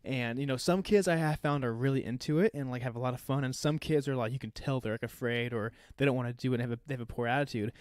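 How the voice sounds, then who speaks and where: Fast-talking young man telling a story. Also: mid-range voice, no echo, clean studio sound. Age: 20s. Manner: rambling, heavy use of "like", laughs while telling. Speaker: podcast co-host and youth leader. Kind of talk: casual storytelling chat.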